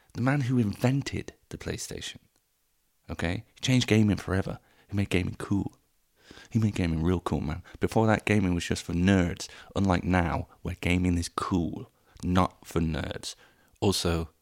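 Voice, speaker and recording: A man's voice: low voice, gravelly, dry recording, clean studio sound. A man hosting a solo comedy podcast, rambling, self-deprecating and sweary, jumping between voices. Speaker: podcast host.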